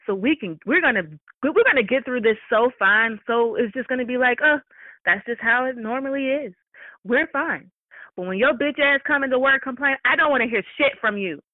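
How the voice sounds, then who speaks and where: A woman co-hosting in casual, profane chat, brash and quick to cackle. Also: fairly high pitch, expressive, dry recording. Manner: brash, cackling, loud laughter. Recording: tinny phone-like audio.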